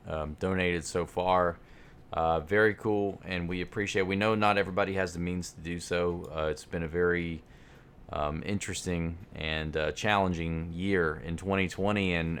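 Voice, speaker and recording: A man co-hosting a podcast, speaking earnestly in a halting way with lots of fillers. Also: low voice, a bit bright, slight background noise. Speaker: podcast co-host. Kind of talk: casual chat.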